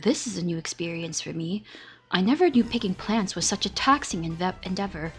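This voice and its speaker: A woman reading out an aged male fairy who grumbles about his aching back, stumbling over a word here and there, pitched a touch lower than her usual voice. It sounds like a game read-along, with faint music beneath. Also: lively intonation, brisk, lightly acted. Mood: weary. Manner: stumbling over words while reading aloud.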